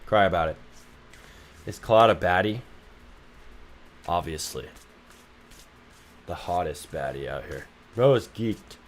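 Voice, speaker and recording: A man's voice: low-pitched, expressive, takes it slowly, long pauses. A young man streaming game development who jokes, swears freely and reads his chat aloud. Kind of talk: casual livestream chat.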